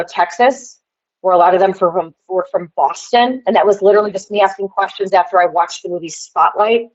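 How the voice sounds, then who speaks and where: A woman's voice: mid-range voice, highs cut off. A woman telling a rambling story on a livestream and calling out to the chat. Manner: rambling, addresses the chat directly. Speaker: livestream guest. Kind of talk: casual livestream rant.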